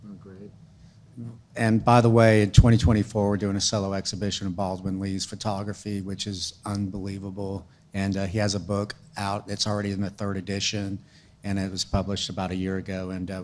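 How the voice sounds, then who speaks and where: A man moderating a museum panel discussion, measured and agreeable, giving soft backchannels. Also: low-pitched, completely flat delivery. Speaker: moderator and curator. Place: museum event space.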